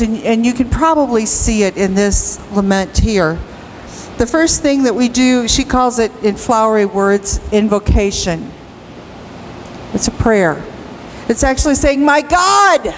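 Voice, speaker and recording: A woman pastor preaching a sermon in a church, slow and emphatic, rising into cries at times. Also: a little high, darkish tone, a little hiss or hum, poor audio. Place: church sanctuary.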